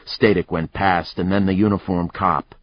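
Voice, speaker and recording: A man narrating a thriller audiobook in a measured, even storytelling manner. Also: low voice. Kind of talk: scripted narration. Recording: dry, slightly muffled recording.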